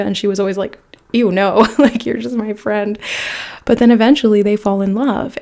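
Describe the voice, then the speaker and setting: A woman giving a pick-a-card tarot reading in a chatty, informal way, often trailing off into soft breathy asides. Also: mid-range voice. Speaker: tarot reader.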